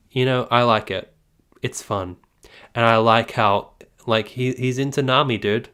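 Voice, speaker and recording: A man's voice: mid-range voice, fairly bright tone. A man hosting a casual live stream who rambles, apologizes often, jokes and keeps interrupting himself.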